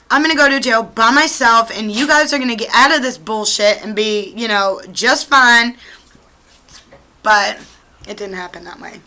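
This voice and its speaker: A woman's voice: fairly high pitch, sharp tone, poor audio. A young woman vlogger telling a storytime to her camera at home, chatty and profane, with lots of "like".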